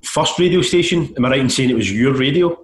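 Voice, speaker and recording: A man's voice: medium pitch, fast. A man co-hosting a podcast, easygoing and self-deprecating. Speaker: podcast co-host. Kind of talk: casual chat. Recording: echoey room with faint noise.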